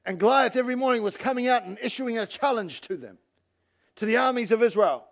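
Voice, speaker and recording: A male pastor giving an animated sermon and calling on the congregation to respond. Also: extremely high pitch, fast. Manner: animated preaching, calls on the congregation.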